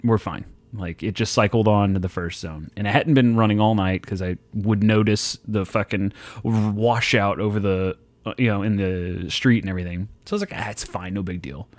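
A man with a lowish voice tells loose, profanity-heavy stories in easygoing conversation. He is recorded dry and close, with no room sound around him. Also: steady tone, moderate pace, dry recording. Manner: profane, rambling storyteller. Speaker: podcast co-host. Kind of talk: casual chat.

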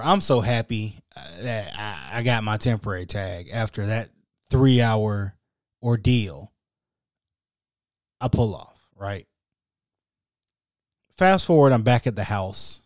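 A man's voice: fairly low pitch, dry recording, clean studio sound. Wry, slangy man telling a story. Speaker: podcast host. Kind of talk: casual solo storytelling.

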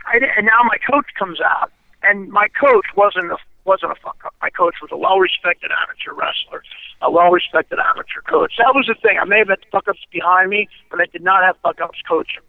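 Gravelly high-voiced man on a phone line. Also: brisk, dry recording. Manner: blunt, profane, animated, keeps checking in with "you know". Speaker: interview guest. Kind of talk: candid storytelling interview. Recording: tinny phone line, dry.

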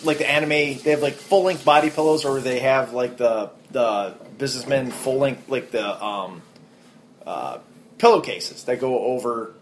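A young man co-hosting a podcast in a casual chat, cracking jokes and cutting in quickly. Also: mid-range voice, a little hiss or hum. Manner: joking, quick interjections, laughs a lot. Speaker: podcast co-host.

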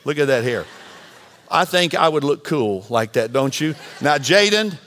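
A man preaching a sermon as pastor, animated and bantering with the congregation. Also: a little high, a little slow. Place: church sanctuary.

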